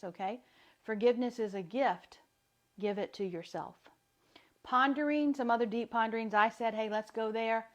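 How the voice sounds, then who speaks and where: A woman with a light Southern accent, giving a chatty, upbeat live talk as a wellness coach. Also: mid-range voice. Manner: chatty, upbeat, laughs often.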